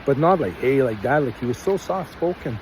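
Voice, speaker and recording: A man's voice: mid-range voice, lively intonation, brisk, a little mellow, a little hiss or hum, low-quality recording. Earnest rambling man telling his story. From Canada. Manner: rambling, earnest, acts out quotes. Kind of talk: casual personal storytelling.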